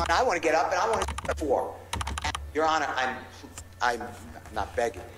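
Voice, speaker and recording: A man's voice: on the high side, fairly bright tone, roomy sound, a little hiss or hum, poor audio. A male defense lawyer arguing insistently and passionately before a judge in a courtroom. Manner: impassioned, insistent pleading. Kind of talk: courtroom argument. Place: large courtroom.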